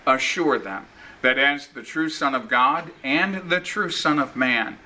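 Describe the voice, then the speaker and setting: A man preaching a sermon in a slow, earnest, emphatic manner, repeating key phrases. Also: medium pitch, animated, pushed and bright, rough recording.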